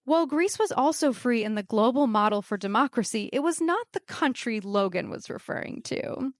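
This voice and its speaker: A woman telling a comedic true story to a live audience with wry, deadpan asides. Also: fairly high pitch, normal speed, hardly any pauses, no echo, studio quality.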